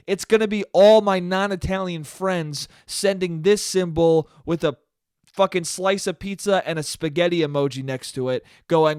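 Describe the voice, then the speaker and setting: Ranting high-voiced young man. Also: normal speed, clear, resonant tone, dry recording, clean studio sound. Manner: profane, animated, ranting. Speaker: podcast host. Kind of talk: solo comedic podcast rant.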